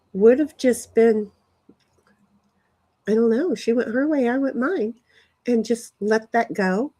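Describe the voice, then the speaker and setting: A woman vlogging outdoors on a phone, chatting in a meandering way with many restarts and sudden excited leaps in her voice. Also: on the high side. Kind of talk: rambling casual monologue. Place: outdoors in a yard.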